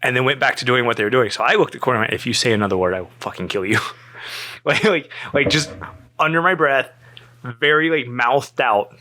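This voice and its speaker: A man's voice: medium pitch, brisk. A man telling a story in casual chat, acting out the voices of the people in it and laughing often. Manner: animated, acts out quoted dialogue, laughs often. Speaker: storyteller guest.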